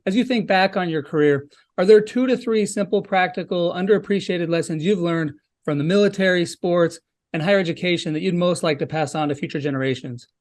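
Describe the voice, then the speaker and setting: A male podcast host with a notably high voice speaks over a call. He is friendly and frames his questions at length. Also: fairly quick. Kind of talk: podcast interview conversation. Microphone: remote call.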